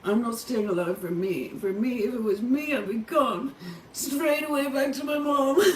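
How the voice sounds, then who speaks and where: A woman's voice: high-pitched, unhurried, recorded from a distance. A middle-aged Irish woman speaking in a raw, tearful monologue to camera from a motel room, swearing heavily and breaking into angry outbursts. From Ireland. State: tearful and distressed. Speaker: vlogger. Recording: roomy, off-mic with faint background hum.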